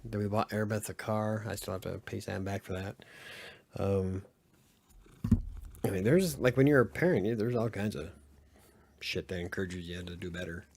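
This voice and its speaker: This podcast host, a middle-aged Utah man, has a low, gravelly, husky voice and speaks at normal speed, pausing often. The late-night chat is casual and candid, full of rambling, swearing and fillers.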